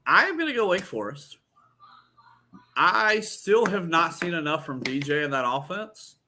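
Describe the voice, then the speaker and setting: A man's voice: on the high side, sing-song, unhurried, bright, forceful tone, slight background noise. A man co-hosting a casual college football picks chat, playful and teasing. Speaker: sports show co-host.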